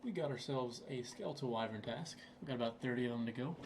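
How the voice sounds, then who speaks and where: This young man, a gaming channel host, talks fast in a medium-pitched voice while casually narrating his gameplay at his computer. He's laid-back and wanders off topic, dropping fillers constantly, over slight background noise.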